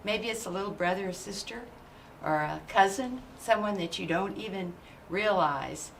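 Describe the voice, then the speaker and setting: A woman's voice: mid-range voice, moderate pace, creaky, slight background noise. An older woman giving a numbered advice speech, rambling and losing count, with many "uh"s.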